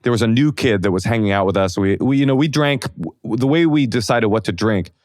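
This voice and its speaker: A man in his forties from Oakland, a comedian guest telling self-deprecating stories in a casual interview, animated and full of fillers. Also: lowish voice, fairly quick, dry recording, clean studio sound. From Oakland, California.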